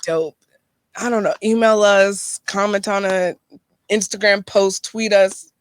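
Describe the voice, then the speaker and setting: A young woman co-hosting a podcast, telling a story with lively acted-out voices, laughing and swearing casually. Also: medium pitch, unhurried, no echo. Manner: acts out the dialogue in her stories, laughs often, swears casually. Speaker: podcast co-host. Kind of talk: casual chat, animated storytelling.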